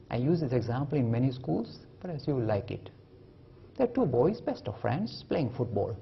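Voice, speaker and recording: Gravelly man giving a lively lecture. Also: medium pitch, muffled recording, a little hiss or hum. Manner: lively storytelling, acting out quoted voices. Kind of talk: animated public lecture. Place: lecture hall.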